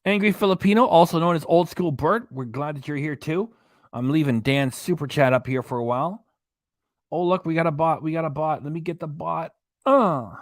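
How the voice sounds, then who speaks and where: Hosting a relaxed reaction livestream, a man with a voice on the high side speaks at a moderate pace. He rambles chattily, reading out chat messages and web pages, and the studio-quality audio has no room sound.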